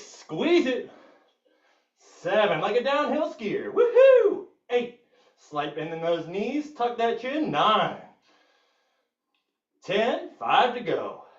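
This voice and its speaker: A man's voice: a bit bright, far from the mic, highs cut off. Upbeat man coaching a workout class. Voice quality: bursts of high whoops. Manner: upbeat coaching, counting reps, joking with the class. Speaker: fitness instructor.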